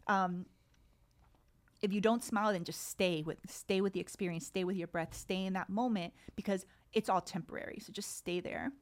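Thirties woman, podcast guest; casual, expressive storytelling with voiced-out thoughts. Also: lowish voice, brisk. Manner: expressive, acts out her inner thoughts. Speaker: kindness coach and podcast guest.

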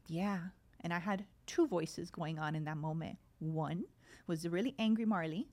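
A woman's voice: lowish voice, normal speed, a little mellow. A woman in her thirties, a podcast guest in casual conversation, telling stories animatedly and acting out quoted dialogue.

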